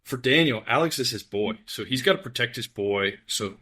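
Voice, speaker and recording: A man co-hosting a podcast in casual chat, playful and joking, rambling with quick restarts. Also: mid-range voice, expressive, sharp tone, husky. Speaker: podcast co-host.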